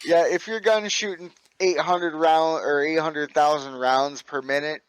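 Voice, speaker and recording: A middle-aged man spins airsoft stories in easy, profane podcast chat, often laughing as he goes. His voice sits a little high for a man, and the sound is dry and close. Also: steady tone, unhurried, clear, resonant tone, no echo, rough recording. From North Carolina. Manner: laid-back, swears freely, laughs while telling stories. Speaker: airsoft field owner, guest. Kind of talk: casual storytelling chat.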